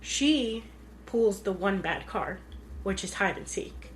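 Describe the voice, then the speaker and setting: A woman's voice: medium pitch, animated, slow, slight background noise. A woman co-hosting a podcast in casual chat, retelling movie scenes with lots of "like"s. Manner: chatty, retells scenes with many "like"s. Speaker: podcast co-host.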